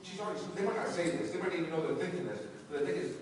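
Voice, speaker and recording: A man giving an energetic motivational training talk, acting out quoted dialogue and shouting for emphasis. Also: a little high, very fast, background noise. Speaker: network marketing trainer. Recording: echoey hall from far off.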